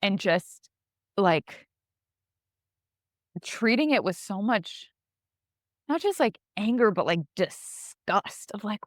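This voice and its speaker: A woman co-hosting a casual podcast, telling a personal story in an animated way with lots of "like". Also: medium pitch, slow pace, long pauses, no room sound, studio quality. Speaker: podcast co-host.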